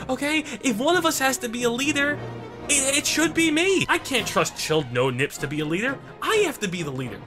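A man with a very high voice narrates his own gameplay in an excitable, mock-serious way, full of crude jokes. Music plays clearly behind him. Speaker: gaming commentator. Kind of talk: comedic gameplay commentary. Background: background music.

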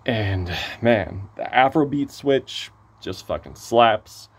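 Man, hoarse voice, slightly low pitch, excitable, casual music review. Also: slow pace. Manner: excitable, swears, gushing praise. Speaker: album reviewer.

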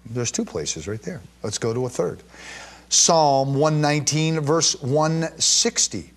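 A man teaching from the Bible to an audience, emphatic, repeating key words and reading verses slowly with stress, with chatty asides and questions to his listeners. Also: mid-range voice, sing-song, husky. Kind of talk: teaching to a live and streamed audience.

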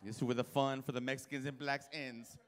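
A male stand-up comedian doing a live club set, profane and animated, acting out characters and bursting into loud shouts. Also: medium pitch, quick pace, a little hiss or hum. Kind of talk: live stand-up with crowd work.

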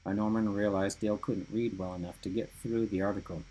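A man reading a story aloud in an even storytelling manner. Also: on the low side, a little fast, husky, low-quality recording. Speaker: reader. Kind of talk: audiobook narration.

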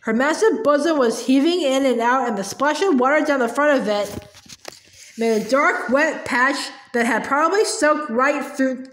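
A woman's voice: sits high, normal speed, roomy sound. A woman reading a chapter book aloud, narrating expressively. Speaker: storybook reader.

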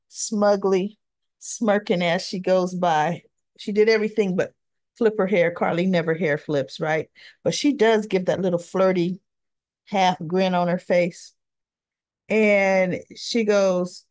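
A woman hosts a daily soap opera recap in a chatty, conversational way, slipping into the characters' lines as she retells each scene. She speaks slowly and unhurriedly, in a middle-pitched voice. The recording is dry and close, with no room sound. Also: a little mellow, dry recording. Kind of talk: casual recap narration.

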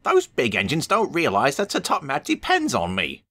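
A man voicing a proud, impatient little male tank engine in a storybook reading, high and fussy. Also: huge pitch swings, moderate pace, pushed and bright, heavily acted.

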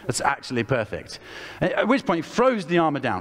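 Man, English accent, preacher, lively storyteller, pitch a bit high, swings up and down a lot, long hall echo. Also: moderate pace. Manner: animated, acts out the characters' voices. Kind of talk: lively storytelling sermon with a child helper acting. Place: church hall.

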